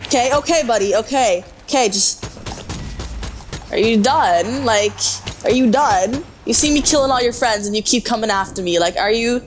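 Game music plays behind a young woman game show host who panics, yelps, and laughs in asides as she comments excitedly on her play. She has a fairly high voice at normal speed, and there's a little hiss or hum.

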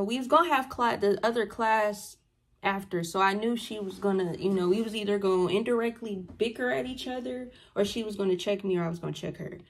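A young adult woman vlogging a storytime in a casual, slangy way, acting out what people said to her. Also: on the high side. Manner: animated, slangy storytelling that acts out what others said. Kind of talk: storytime vlog.

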